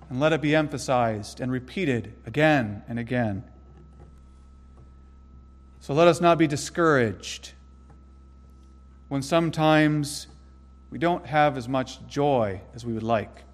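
A man preaching a sermon, earnest and emphatic, slowing down to stress key phrases. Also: medium pitch, long reverb tail. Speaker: pastor.

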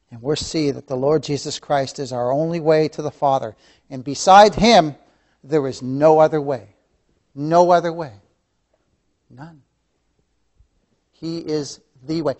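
Man, fervent Bible teacher with a slightly high voice; big swings from loud emphasis to near-whispers, repeats his points. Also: measured pace, long pauses. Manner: impassioned, swings from loud emphasis to hushed asides; calls listeners "beloved", repeats key phrases. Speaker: Sunday school teacher. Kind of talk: preaching a Bible lesson.

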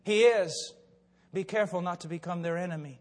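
An older male preacher delivers a sermon in a fervent, impassioned storytelling manner. His voice sits high for a man, and it rings out through a large church hall with a long, lingering reverb. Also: brisk, darkish tone.

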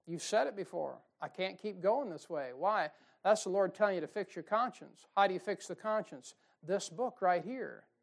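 A man preaching a folksy, emphatic sermon, with sudden loud bursts and mocking quotes. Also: high-pitched, normal speed, creaky. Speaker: pastor. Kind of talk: fiery sermon.

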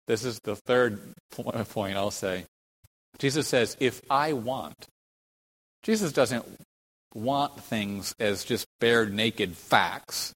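A male preacher delivers an expository sermon at an unhurried, deliberate pace, punching single words for emphasis. He often turns to the congregation with rhetorical questions. His voice carries the long reverb of a large church hall. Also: medium pitch. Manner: emphatic, rhetorical questions, slow deliberate phrasing with sudden stresses.

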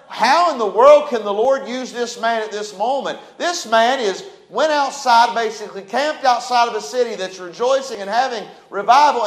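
The speaker is a man with a very high voice, preaching an emphatic sermon full of scripture readings, insistent points, and a short prayer. The room adds a noticeably roomy quality.

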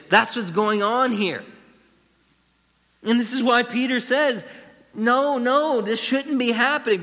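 A man's voice: high-pitched, sharp tone. A man preaching an expository sermon in a conversational, emphatic way, turning to the listeners with asides. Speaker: pastor. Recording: long reverb of a large hall.

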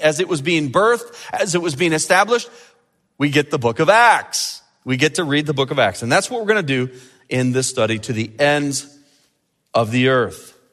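A man preaching a sermon as pastor, animated and building to emphatic peaks. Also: a little high, moderate pace, in a large hall.

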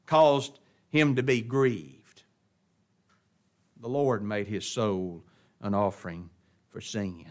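A man preaching a sermon, swinging between loud emphatic stresses and quiet asides, often asking the congregation questions. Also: on the low side, slow pace, pauses often.

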